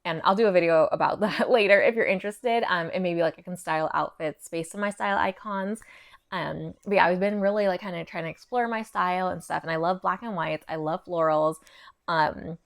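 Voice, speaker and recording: A woman's voice: on the low side, fairly quick, vocal fry. A young woman chatting casually through a thrift haul, full of "like" fillers and a little out of breath. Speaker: fashion vlogger.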